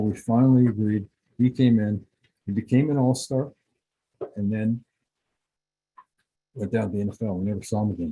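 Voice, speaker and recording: A man's voice: fairly low pitch, dark tone, slightly rough, rough recording. A middle-aged man, a football scout, giving a casual, rambling clinic talk full of anecdotes.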